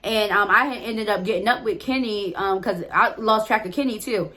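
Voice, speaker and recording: A woman telling a personal story straight to camera in a loose, conversational way. Her voice sits at an ordinary middle pitch. She is frank and casual, drops the odd curse word and keeps turning to her viewers. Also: normal speed, sharp tone. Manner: candid, swears freely, addresses viewers as y'all. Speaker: storytime vlogger.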